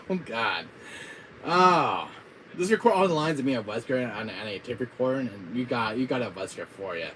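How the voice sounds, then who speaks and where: A man casually chatting with his viewers on a gaming live stream, giggly and excitable. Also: mid-range voice, moderate pace, a little hiss or hum, rough recording.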